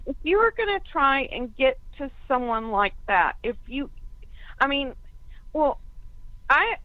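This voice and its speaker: A woman's voice: fairly high pitch, no room sound. A woman on a conference call, thinking aloud in a hesitant way with many restarts. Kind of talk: casual discussion on a call. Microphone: phone. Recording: tinny phone line.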